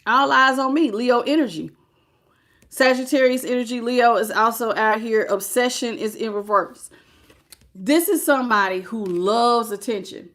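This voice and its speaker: Woman reading tarot live, pretty high voice, gets emotional. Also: normal speed. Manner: emotional, expressive, greets live chat. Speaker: tarot reader.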